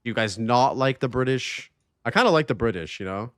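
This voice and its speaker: A man hosts a live game stream in easy, rambling chat, reacting to his chat and swearing loosely. His voice sits at an ordinary middle pitch and comes through close and dry, with no room sound around it. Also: brisk, no echo. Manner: loose and excitable, swears, reads chat aloud. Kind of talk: casual live-stream chat while gaming.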